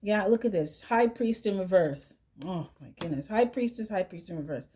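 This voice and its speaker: Mellow-voiced woman giving a tarot reading. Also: medium pitch, animated, normal speed, slight background noise. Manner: chatty, keeps asking "right?" and humming "mm-hmm". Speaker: tarot reader.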